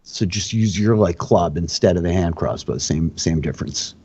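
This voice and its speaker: A young man hosts and runs a tabletop game, his voice fairly low and husky. He talks through rules casually, leaning on fillers as he goes. The sound is dull and lo-fi, like an online call. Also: normal speed. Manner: relaxed, filler-heavy explaining of rules. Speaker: dungeon master and host.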